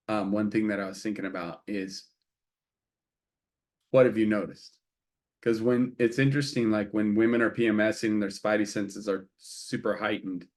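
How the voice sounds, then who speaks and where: A middle-aged man co-hosting a casual talk show, speaking earnestly and confessionally, often acting out remembered conversations. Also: lowish voice. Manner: earnest, confessional, acts out quoted exchanges. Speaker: co-host. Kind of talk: casual chat.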